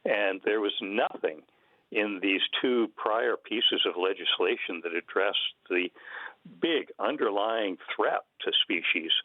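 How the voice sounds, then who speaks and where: An older man, a guest on a radio interview, explaining in a measured way with pauses and fillers. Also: on the low side, no room sound. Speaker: guest conservation biologist. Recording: narrow phone-line sound.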